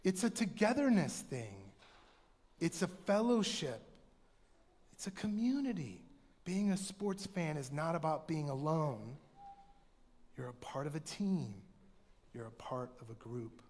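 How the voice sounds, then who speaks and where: A man preaching a conversational sermon in a church, telling animated stories and sometimes shouting for effect. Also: on the high side, unhurried, pauses often. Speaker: pastor. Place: church sanctuary. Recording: church hall reverb.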